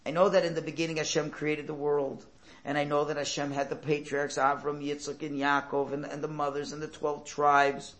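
A man's voice: fairly high pitch, little pitch movement, moderate pace, a bit bright, lightly acted. A man voicing a humble, bashful poor male porter who speaks earnestly and plaintively.

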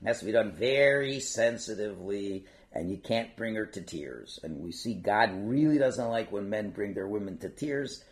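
An older man teaching a casual religious class, digressing and acting out quotes with lots of feeling. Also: mid-range voice. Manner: animated, digressive, acts out quotes.

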